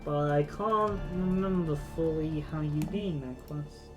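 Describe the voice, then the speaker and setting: A man's voice: on the high side, a little slow, music in the background. A man streaming a video game, chatting casually and rambling as he plays. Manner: rambling, chatty, frequent fillers. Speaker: vtuber streamer. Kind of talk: casual gameplay commentary.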